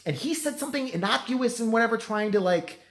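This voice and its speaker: Hoarse man rambling with a lively pitch. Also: fairly quick. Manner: profane, rambling, self-deprecating. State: voice strained from yelling. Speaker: vlogger. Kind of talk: rambling apology vlog.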